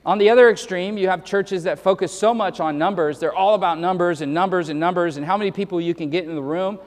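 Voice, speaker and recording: Male pastor, high voice, earnest and emphatic sermon delivery, stumbling restarts, heard with a lingering hall echo. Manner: earnest, emphatic preaching with quick verse citations; repeats words when starting sentences.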